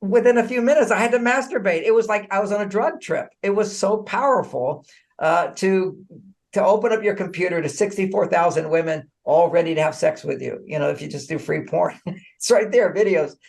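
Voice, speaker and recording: A man with a somewhat high voice and a gravelly, creaky edge talks as a guest in a podcast interview. He explains in an animated, conversational way, breaking into small chuckles. He often stumbles and repeats words before finishing his thought. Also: a little fast. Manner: animated, acts out dialogue, frequent chuckles. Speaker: author guest.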